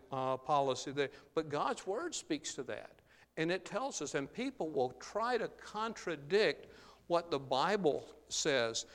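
A man's voice: fairly high pitch, fairly bright tone. A man preaching a sermon in an earnest way, often tagging his phrases with "uh" and "there". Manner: earnest, frequent "uh" and "there" tags. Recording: long hall reverb.

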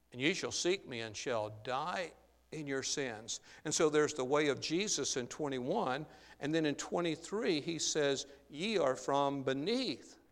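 A man's voice: mid-range voice, a bit bright. Man preaching in a reverberant hall. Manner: earnest, frequent "uh" and "there" tags. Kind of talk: sermon.

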